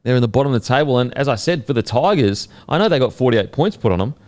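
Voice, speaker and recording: A man with an Australian accent hosting a casual sports podcast, animated and swearing, full of fillers. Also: medium pitch, quick pace. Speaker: podcast host.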